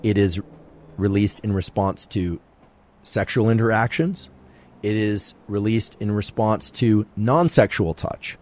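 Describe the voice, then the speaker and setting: A male scientist giving a calm, measured science podcast lecture. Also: lowish voice, slight background noise.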